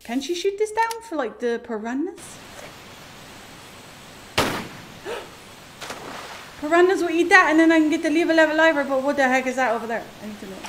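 Her voice sits high, with lively intonation at a normal speed and frequent pauses, though the audio quality is poor and background noise is audible. She's a gaming streamer giving casual commentary, talking to the game and its creatures and laughing a lot.

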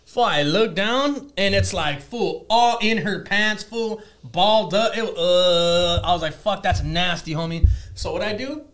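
A man's voice: high-pitched, measured pace, few pauses. A man telling a crude story in casual chat, swearing constantly and acting out what people said. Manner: profane, animated, acts out quotes. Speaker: podcast guest.

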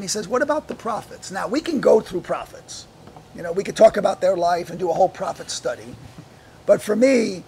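A man preaching a sermon with animated delivery, firing rhetorical questions at the congregation and laughing often between points. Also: high-pitched, creaky, a little hiss or hum. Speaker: pastor.

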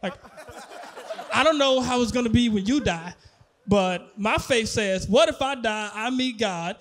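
A man with a very high-pitched voice performs stand-up comedy, acting out conversations as he tells his stories. He keeps breaking into laughter at his own punchlines. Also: a little slow. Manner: animated storytelling, laughing at his own jokes, acting out dialogue.

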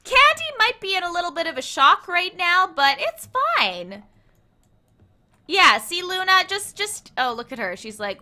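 With a very high, sharp voice that swings widely in pitch, a let's play host narrates her game at a moderate pace. The young woman keeps up chatty, playful commentary and talks directly to the onscreen characters.

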